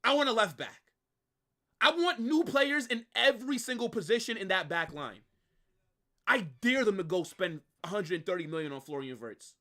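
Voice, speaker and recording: A young man hosts a live football watch-along, ranting with exasperation and breaking into shouted bursts. His pitch leaps and plunges all over the place. The tone is bright and forceful. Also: expressive, normal speed. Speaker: fan stream host.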